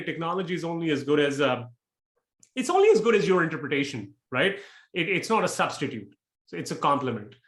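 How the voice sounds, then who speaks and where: A man with a fairly high voice answers interview questions bluntly and frankly, talking in quick bursts. He sounds like he is in a room with a lot of echo, and his speech lands on the plain facts without dressing them up. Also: fairly bright tone. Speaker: interview guest, real estate investor. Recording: echoey room.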